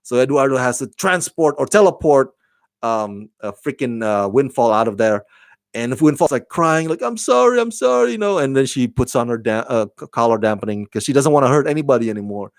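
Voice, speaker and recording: A man's voice: medium pitch, a little fast, dry recording, clean studio sound. A man giving a casual, rambling review of a TV show, with lots of fillers and restarts.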